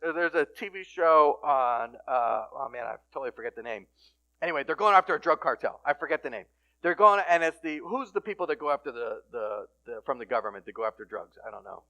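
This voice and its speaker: A middle-aged man with a fairly high voice gives a sermon at a recovery ministry. He talks casually, with restarts and filler, and moves from hushed, close moments to loud, emphatic points. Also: animated, normal speed. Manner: casual conversational phrasing with restarts.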